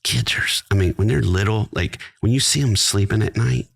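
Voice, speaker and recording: A man's voice: fairly quick, vocal fry. A middle-aged man hosting a podcast in casual chat, telling stories with lots of energy and acting out quoted voices. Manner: high-energy, animated storyteller. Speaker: podcast host.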